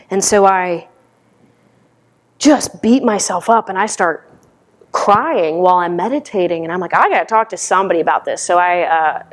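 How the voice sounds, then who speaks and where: Candid woman giving a dharma talk. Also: fairly low pitch. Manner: candid, conversational storytelling. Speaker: meditation teacher.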